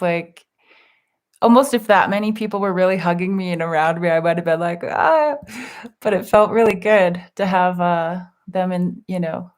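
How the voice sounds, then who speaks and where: A woman hosting a live spiritual group session, chatting gently and affectionately as she reads out viewers' comments with soft laughs. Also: on the low side. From California. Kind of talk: casual live-stream chat.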